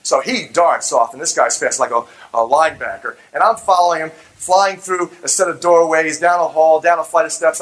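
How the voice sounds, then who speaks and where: A man's voice: a little high, poor audio. A middle-aged man giving a fervent, religious public talk, telling a story and acting out the voices of the people in it. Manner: animated storyteller who acts out quoted voices. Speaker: public speaker.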